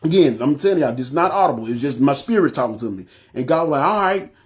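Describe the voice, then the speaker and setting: A man's voice: medium pitch, animated, quick pace. A man giving a personal testimony to the camera, talking conversationally and calling his listeners y'all. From North Memphis, USA. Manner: frequent "you know what I'm saying" fillers.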